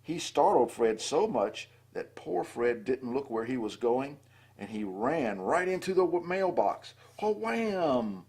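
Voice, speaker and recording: An older man with a husky voice reading a children's storybook aloud and adding chatty asides between the lines. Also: medium pitch, sing-song, slow, darkish tone. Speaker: storybook reader.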